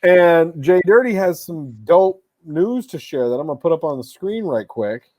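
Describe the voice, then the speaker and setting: A man's voice: fairly high pitch, lively intonation, moderate pace, a little mellow, no echo. A man co-hosting a podcast, upbeat and laughing often as he introduces the segments. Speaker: podcast co-host. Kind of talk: casual chat.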